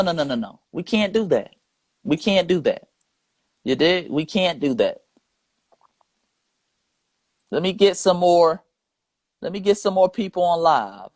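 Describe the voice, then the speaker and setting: A man's voice: high voice, a little mellow, no echo. A man hosting a live stream, talking in an emphatic, repetitive and rhetorical way. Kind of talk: casual live stream talk.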